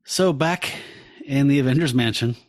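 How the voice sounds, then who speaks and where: A man's voice: mid-range voice, normal speed. A man co-hosting a comic podcast, recapping an issue in a wry, joking way. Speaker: podcast co-host. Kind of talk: casual chat recapping a comic.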